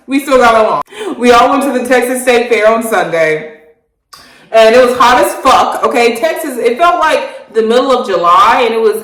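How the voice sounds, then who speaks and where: Thirties woman doing a storytime vlog, laughs a lot, cusses, echoey room sound. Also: fairly high pitch. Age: 30s. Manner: animated, laughing, swearing freely. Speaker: vlogger. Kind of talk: casual storytime chat. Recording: roomy echo.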